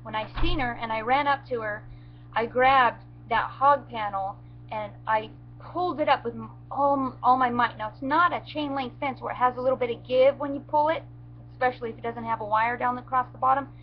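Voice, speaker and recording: A woman with a slightly high voice, telling her story in a halting, shaken way with many restarts. The sound is muffled, with a faint hum underneath. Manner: halting, shaken retelling with restarts and near tears. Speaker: goat owner telling what happened. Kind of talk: emotional first-person storytelling.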